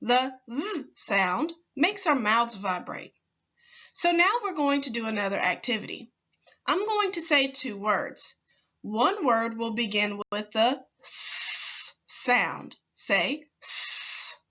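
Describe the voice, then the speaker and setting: A woman teacher leading a slow, clear phonics lesson for young children, patiently sounding out words with deliberate pauses. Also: on the high side, expressive, pushed and bright, highs cut off.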